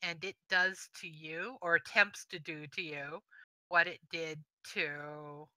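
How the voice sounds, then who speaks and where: A woman running a tabletop game as game master, narrating the action in an unhurried, measured way. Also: low voice, fairly even intonation, sharp tone, dry recording.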